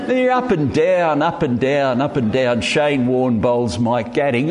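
A middle-aged man, preaching a sermon in an animated, emphatic way with self-deprecating humour. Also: fairly high pitch, measured pace, few pauses, a crowd in the background. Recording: reverberant hall.

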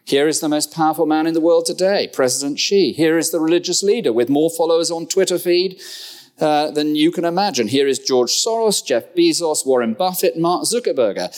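A middle-aged man preaching from the pulpit. His delivery is conversational and animated, full of rhetorical questions and dry, humorous asides. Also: a little high, brisk. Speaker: pastor. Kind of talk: sermon.

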